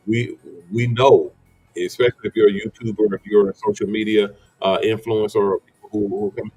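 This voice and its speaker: A man's voice: fairly low pitch, a little mellow, husky, poor audio. A man hosting a livestream in a casual, rambling way, often repeating himself and greeting viewers by name. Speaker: livestream host.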